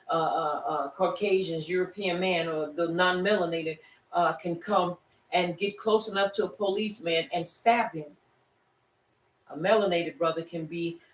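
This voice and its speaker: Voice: medium pitch, a little hiss or hum. Distant, roomy Shabbat class preacher. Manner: conversational preaching with rhetorical questions and call-and-response. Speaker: Torah class teacher. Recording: echoey room, distant mic, faint ambience.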